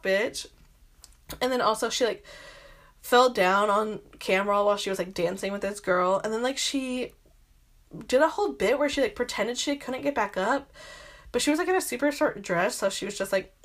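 A young adult woman hosting a podcast, rambling through exasperated gossip commentary with constant filler words and frequent swearing. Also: medium pitch. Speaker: podcast host.

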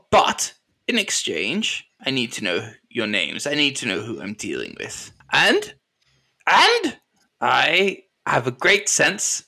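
A man voicing a scheming male colonel who bargains in a haughty, drawn-out way. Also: medium pitch, creaky, bright, forceful tone, husky, heavily acted. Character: scheming male colonel, crime boss buyer.

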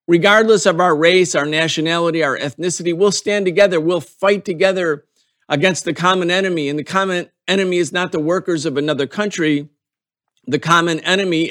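A man's voice: fairly high pitch, a bit bright. A man hosting a podcast, explaining political history earnestly and building emphasis through repeated phrases. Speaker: podcast host.

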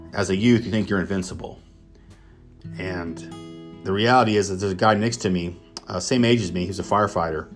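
A man from Kansas telling a motivational personal story in an enthusiastic, conversational way, with lots of fillers. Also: on the low side. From Kansas, United States. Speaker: speaker sharing his story.

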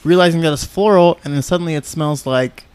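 A man co-hosting a podcast in casual chat, laid-back with deadpan quips. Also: a little high, brisk, clear, resonant tone, dry recording. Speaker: podcast co-host.

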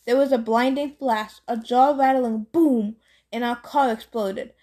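A woman reading a novel aloud in a plain, steady storytelling manner. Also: on the high side, measured pace. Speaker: audiobook reader.

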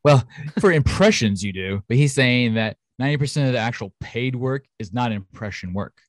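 A man's voice: mid-range voice, animated, normal speed, dry recording, studio quality. A man co-hosting a podcast in casual chat, talking in a chatty, enthusiastic way with lots of fillers. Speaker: podcast co-host. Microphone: home studio mic.

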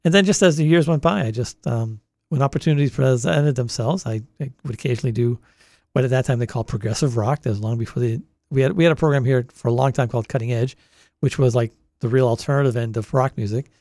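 A man's voice: medium pitch, fast talker, a little mellow, no room sound, clean studio sound. A man in his sixties with a Boston accent, recalling his years at a college radio station in a rambling oral history interview. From Boston area. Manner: rambling storyteller, many restarts. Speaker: longtime college radio volunteer.

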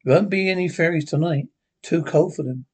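A mysterious wanderer in an old horror tale speaks gravely and dryly, with a mocking edge, as a male reader puts him on. His voice is husky and sits fairly high. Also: a little fast, darkish tone. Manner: grave and dry.

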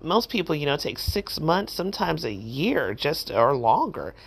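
A middle-aged woman hosting a podcast, telling a personal story in a chatty, animated way with lots of fillers and acted-out quotes. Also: sits low, measured pace, vocal fry, breathy edge. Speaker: podcast host. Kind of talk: casual storytelling.

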